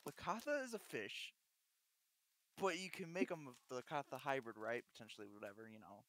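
A man playing a tabletop game on a stream, chatting casually and rambling excitedly as he thinks aloud. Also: mid-range voice, brisk. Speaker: player. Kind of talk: casual chat.

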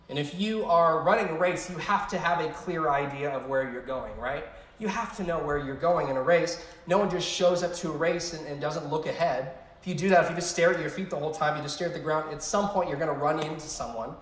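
A young man giving a youth sermon as pastor, casual and conversational, telling stories with animated asides. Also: a little high, brisk, roomy sound, rough recording.

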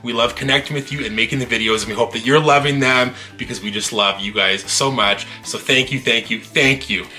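Bright-voiced enthusiastic man co-hosting. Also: medium pitch, steady tone, brisk, few pauses, faint music behind. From Canada. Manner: enthusiastic, gushing. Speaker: channel co-host. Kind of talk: casual unboxing chat.

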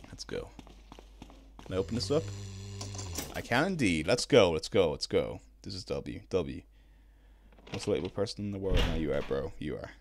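Young man, low and very lively, streaming a game with lots of swearing; faint noise under the mic. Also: moderate pace, creaky, long pauses. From Ireland. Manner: swears a lot, bursts into loud excited shouts. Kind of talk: live gaming commentary.

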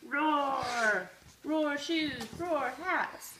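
A woman's voice: high-pitched, extremely slow. A mother reading a picture book aloud to her child at home, playful and sing-song, with growled roars. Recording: noisy home video.

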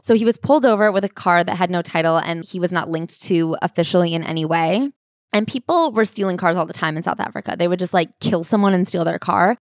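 Low-voiced woman summarizing a book. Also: dry recording, clean studio sound. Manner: conversational summarizing with frequent "like". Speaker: podcast co-host. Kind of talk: casual book-club chat.

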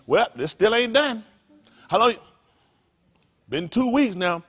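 Animated high-voiced preacher. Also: male voice, takes it slowly, pauses often. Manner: animated, colloquial, rhetorical questions. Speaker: pastor. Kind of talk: conversational sermon.

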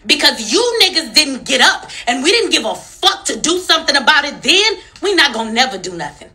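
Swearing and firing off rhetorical questions, a young woman who comments on social media rants with fierce emphasis. She sounds very animated and fairly quick, her tense, bright voice ranging widely in pitch.

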